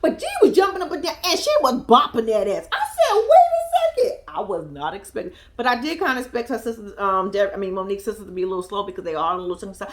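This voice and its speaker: A woman's voice: medium pitch, quick pace, few pauses. A young woman giving casual, profane, laughing commentary as she recaps a reality TV episode. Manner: animated, profane, laughing storyteller. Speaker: reality TV reaction vlogger.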